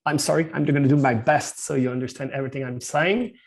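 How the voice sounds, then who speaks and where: A man's voice: mid-range voice, fairly even intonation, fast, gravelly. A man with a Quebec French accent giving a hesitant webinar presentation over a video call, full of fillers and restarts. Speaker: company founder presenting at an industry seminar.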